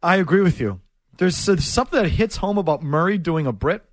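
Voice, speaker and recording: A man's voice: sits high, lively intonation, fairly quick, no room sound. A man hosting sports talk radio, bantering in a wry, amused way and bringing on callers.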